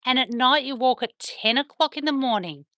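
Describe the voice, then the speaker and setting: Bright, dry-sounding Australian woman, chatty livestream host answering comments, coos at her dogs. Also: high-pitched, expressive, moderate pace, no room sound. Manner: chatty, reads and answers viewer comments, soft baby talk to the dogs. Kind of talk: casual livestream chat with viewers. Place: at home on a veranda.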